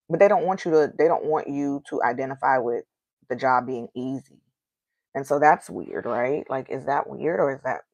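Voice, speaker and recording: A woman's voice: sits low, creaky, darkish tone, dry recording. A woman in her thirties with an African American accent, venting candidly on her own podcast and asking rhetorical questions. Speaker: podcast host. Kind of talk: casual solo podcast monologue.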